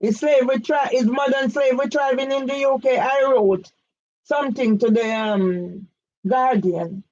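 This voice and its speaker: A woman's voice: sits high, moderate pace, darkish tone, muffled recording. A woman, giving an emphatic direct-address complaint, firing pointed questions at one man by name. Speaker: campaigner vlogger.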